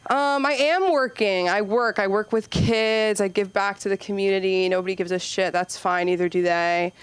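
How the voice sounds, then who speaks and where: A woman's voice: medium pitch, completely flat delivery, moderate pace, smooth, dry recording. A young woman performing a rambling, self-deprecating stand-up set on a comedy club stage, peppering her talk with "like" and "you know.".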